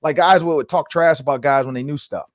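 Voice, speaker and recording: A man hosting a casual sports roundtable, talking in an animated way with many fillers and frequent laughter. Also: a little high, quick pace, no room sound, clean studio sound. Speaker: podcast host.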